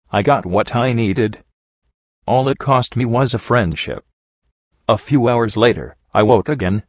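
A man narrating a first-person story as an audiobook reader, in a steady, measured way. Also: lowish voice, no room sound. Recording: dull lo-fi audio.

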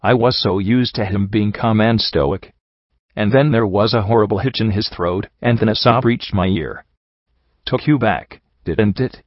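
A man reading a first-person fan story aloud in a steady narrating voice, in a dry, slightly dull recording. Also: fairly low pitch, normal speed, dry recording. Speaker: audiobook narrator.

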